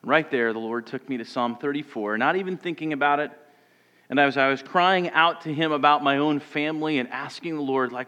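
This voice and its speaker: A pastor preaches in a fairly high voice for a man, and it rings out with a long reverb in the church. He tells his story with feeling, dropping his voice low before swelling again. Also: brisk, dull audio. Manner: storytelling, shifts between loud and hushed. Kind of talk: sermon.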